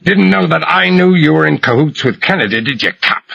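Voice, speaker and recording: A man's voice: medium pitch, animated, a little slow, gravelly, sharp tone, slightly rough, no room sound, full character voice. A man voicing a jittery, vicious junkie gunman who rants and sneers with venom. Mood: ranting. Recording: muffled lo-fi recording.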